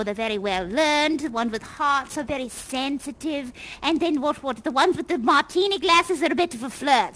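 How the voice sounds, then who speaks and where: A woman's voice: high-pitched, pushed and bright, low-quality recording. A woman acting a fussy, theatrical female party hostess who leads a tour with chatty, gushing exclamations over a headset microphone. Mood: tour-guide. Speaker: live actor guiding a tour in a virtual reality theater show. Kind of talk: improvised live role-play.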